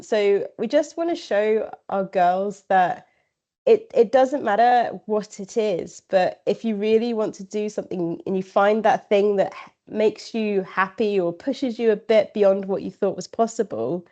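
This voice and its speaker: A woman's voice: mid-range voice, warm tone. A woman guest on a running podcast, chatting casually and acting out conversations she has had. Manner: chatty, acts out quoted exchanges, laughs often. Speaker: ultrarunner guest.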